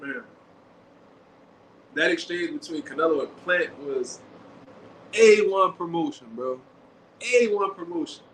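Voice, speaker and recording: A man riffing through casual commentary in quick slang and animated bursts. His voice sits high and bright. It rings in an echoey room with a faint hiss behind it. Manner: animated, slangy, acts out quotes. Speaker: boxing show host.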